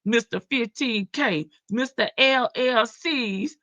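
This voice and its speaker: A woman's voice: on the high side, slow, sharp tone, dull audio. A woman with a country Southern drawl hosting a casual livestream, chatting, laughing and reading viewer comments. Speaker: livestream reaction host.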